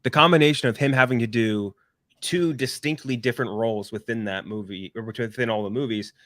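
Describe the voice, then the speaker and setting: A man in casual movie-podcast chat, animated and quick to laugh. His voice sits at an ordinary middle pitch and is heard close and dry, with no room sound around it. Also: dry recording. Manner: animated, laughs while telling anecdotes. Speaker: podcast co-host.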